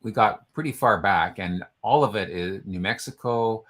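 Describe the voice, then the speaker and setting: A male co-host with a somewhat low voice chats loosely through his notes. He rambles as he goes and stumbles on unfamiliar names, keeping the tone of an easygoing conversation. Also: normal speed, fairly bright tone. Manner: chatty, stumbles over names while reading. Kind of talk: casual chat.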